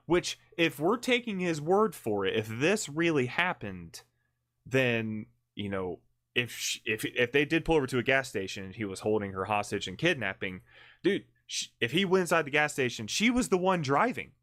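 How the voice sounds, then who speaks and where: A man's voice: mid-range voice, very animated, normal speed. A man co-hosting a livestream, telling a long story in casual chat, rambling and blunt, with lots of restarts, self-corrections and swearing. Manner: blunt and profane. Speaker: livestream co-host. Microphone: streaming mic.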